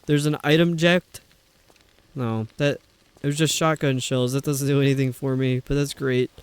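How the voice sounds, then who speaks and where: A young man streams himself playing a video game, giving live commentary that rambles, stumbles over words and breaks into frequent laughter. His mid-range voice has fairly even intonation, a moderate pace and a clear, resonant tone.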